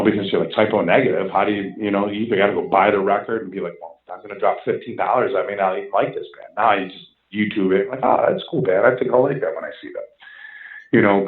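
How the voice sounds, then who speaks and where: Ny guy in his 40s, lowish voice, animated swear-y storytelling, echoey dull recording. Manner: animated, swears freely, acts out quotes. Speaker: musician guest. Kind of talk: casual storytelling interview.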